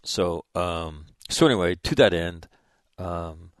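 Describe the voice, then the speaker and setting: Deep-voiced man, rambling and blunt. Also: expressive, takes it slowly, no room sound, studio quality. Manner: rambling, profane, with frequent "right?" asides. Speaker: former Marine officer telling a story. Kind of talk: casual storytelling.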